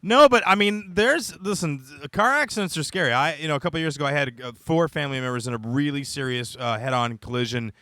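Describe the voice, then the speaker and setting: A man with an American accent hosting a comedy podcast, teasing a caller in fast, casual banter. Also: fairly high pitch, bright, forceful tone, dry recording. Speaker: podcast host. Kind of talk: casual chat.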